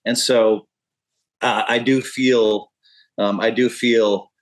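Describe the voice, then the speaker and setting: A man's voice: mid-range voice, steady tone, slow, rough recording. A man in his fifties, a poker pro talking as a podcast guest, rambling and candid with frequent profanity. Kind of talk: casual interview talk.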